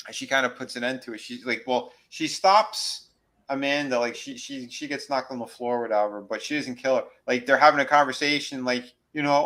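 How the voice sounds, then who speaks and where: Male podcast co-host, mid-pitched voice, rambling horror recap, loose and chatty. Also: fairly quick, a bit bright, poor audio. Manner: rambling, filler-heavy, acts out lines from the show. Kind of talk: casual recap of a horror series.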